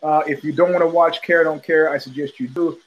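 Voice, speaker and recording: A man's voice: on the high side, fairly even intonation, brisk, dull audio. An older man hosting a casual talk show, rambling through stories and acting out the voices of people he quotes. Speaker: podcast host. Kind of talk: casual storytelling chat.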